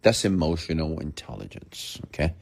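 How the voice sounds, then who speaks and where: A man's voice: rumbling low, very animated, normal speed, gravelly. A middle-aged man giving a playful late-night motivational rant as a speaker, now and then mimicking people for effect.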